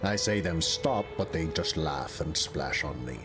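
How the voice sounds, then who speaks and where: A man voicing a weary, fussy flea who grumbles slowly in broken grammar. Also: very deep voice, animated, fairly bright tone, faint music behind, voice pushed down, heavily acted.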